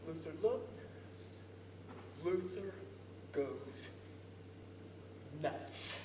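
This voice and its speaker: A man with a strikingly high voice spins a lively story, acting out voices and breaking into laughter. He is heard from a distance in a large, echoing hall, with a faint murmur behind him. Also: extremely slow, background noise. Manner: animated, acts out voices, laughs often. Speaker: storyteller speaker. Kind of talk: storytelling speech. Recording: echoey hall from far off.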